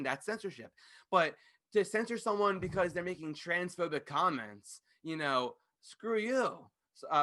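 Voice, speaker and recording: A man hosting a podcast, ranting fast, loud and passionate into a studio microphone, swearing freely. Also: a little high. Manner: fast-talking. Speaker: podcast host. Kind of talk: ranting monologue.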